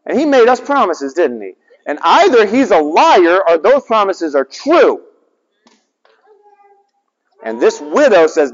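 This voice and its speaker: A man's voice: high voice, unhurried. A man preaching a sermon, telling family stories with voices and asking his listeners rhetorical questions. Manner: animated storytelling, acting out family dialogue and rhetorical questions. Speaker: pastor. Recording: dull sound in a reverberant hall.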